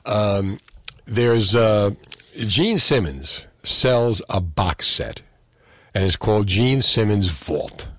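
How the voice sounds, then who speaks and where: A man hosting a call-in radio show, chatty and telling stories with quick asides. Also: lowish voice, expressive, fairly bright tone, no echo. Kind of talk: casual call-in radio talk.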